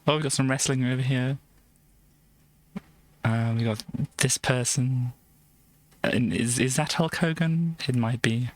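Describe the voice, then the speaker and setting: A woman's voice: rumbling low, steady tone, a little slow, pauses often. A woman streaming live, chatting casually and giggling as she reads through an old games magazine. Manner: chatty and giggly, trailing off into soft asides.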